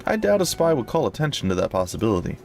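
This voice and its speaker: A man's voice: medium pitch, big pitch swings, fast, creaky, a little mellow, faint music behind. Emma, a man voicing a dry heroine. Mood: sardonic. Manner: dry, sardonic. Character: young female sword-fighter heroine, dry and tough.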